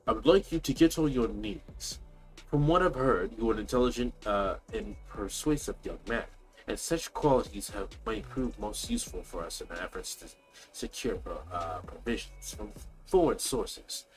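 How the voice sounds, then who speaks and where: A man's voice: on the low side, big pitch swings, normal speed, faint music behind, low-quality recording. A man voicing a stern, commanding elderly nobleman, reading formally with some stumbles.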